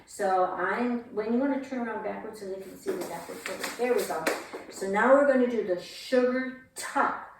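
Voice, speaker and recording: A woman's voice: medium pitch, moderate pace. A woman teaching a beginner dance class, explaining steps and counting them out in a sing-song rhythm. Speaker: dance instructor. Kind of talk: instructional dance tutorial. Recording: echoey room from far off, faint noise.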